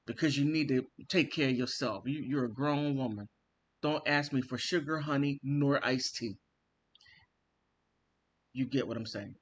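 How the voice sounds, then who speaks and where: Animated man telling a story. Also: mid-range voice, unhurried, pauses often. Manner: animated, theatrical, acts out quotes. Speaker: vlogger. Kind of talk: casual storytelling monologue.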